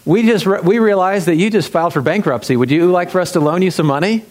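A man mimicking an overeager credit card salesman with a chirpy, salesy pitch. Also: fast talker, darkish tone, close to an everyday voice.

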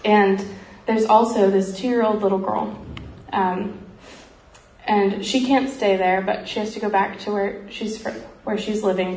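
A woman earnestly telling a missionary story in a heartfelt talk, often pausing with "um" and growing emotional. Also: medium pitch, a little mellow. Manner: earnest, frequent ums, grows emotional. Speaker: speaker sharing a missionary story. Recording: roomy echo, faint background noise.

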